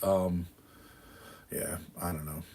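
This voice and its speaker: A New England man hosting a casual livestream replies to viewer comments, rambling in a relaxed, profane style with many fillers and bursts of laughter. His voice sits low, warm and steady, at a slow pace, with a little hiss or hum in the audio.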